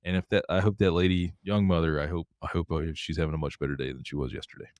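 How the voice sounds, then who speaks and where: A middle-aged man co-hosting a podcast, telling travel stories in an animated way, laughing and acting out what people said. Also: sits low, fast talker, no room sound, clean studio sound. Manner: animated, laughing, acts out quotes. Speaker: podcast co-host. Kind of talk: casual storytelling chat.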